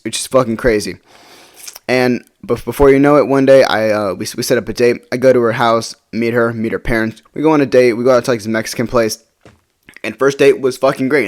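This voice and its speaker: Fast-talking teenage guy telling a story. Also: medium pitch. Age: teens. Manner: rambling, swears freely, frequent restarts. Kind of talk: casual storytime monologue.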